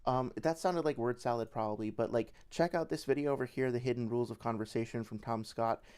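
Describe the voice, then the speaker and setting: A man's voice: medium pitch, fast talker, darkish tone, clear, resonant tone. A young man giving casual livestream commentary as a debate reviewer, rambling with many fillers and restarts.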